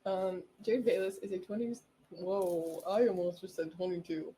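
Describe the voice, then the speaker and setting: Young female podcast host, excitable and rambling; mellow tone, light background noise. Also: lowish voice, moderate pace, rough recording. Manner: bubbly, rambling, giggly. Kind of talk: casual solo podcast chat.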